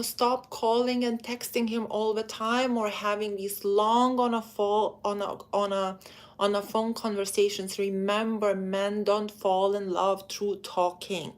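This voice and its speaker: A woman's voice: mid-range voice, little pitch movement. A woman giving dating advice in a live stream, talking straight to her female viewers in a chatty, direct way. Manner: acts out quoted men in quick put-on voices. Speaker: dating coach.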